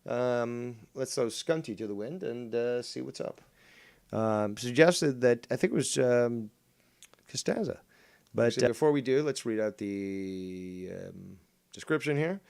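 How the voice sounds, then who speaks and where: A man's voice: mid-range voice, lively intonation, measured pace, creaky, darkish tone, clean tone. Combative, profane male streamer ranting. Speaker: streamer reacting to a critic's videos. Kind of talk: ranting commentary.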